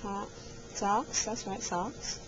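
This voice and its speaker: A woman at home talking playfully to a toddler in animated, sing-song baby talk, recorded on a handheld camcorder. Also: medium pitch, slow. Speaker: caregiver filming a toddler. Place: at home, indoors. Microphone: handheld camcorder mic. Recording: home video with clear background noise.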